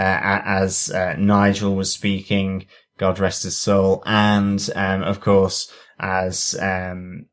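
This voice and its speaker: A man co-hosting a podcast, enthusiastic but halting, with many pauses. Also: low voice. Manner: enthusiastic, hesitant, many fillers. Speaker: podcast co-host. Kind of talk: casual review chat.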